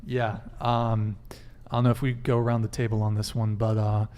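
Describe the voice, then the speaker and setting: A man's voice: on the low side, level tone, a crowd in the background. Man hosting a live dating talk show. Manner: brisk, reads donor messages aloud and jokes. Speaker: podcast host. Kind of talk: live-stream dating panel, reading super chats aloud.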